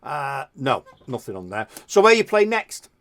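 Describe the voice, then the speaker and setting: A man hosting a radio interview, upbeat and chatty, tossing in quick praise and asides. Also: mid-range voice, very animated, a bit bright. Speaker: radio show host.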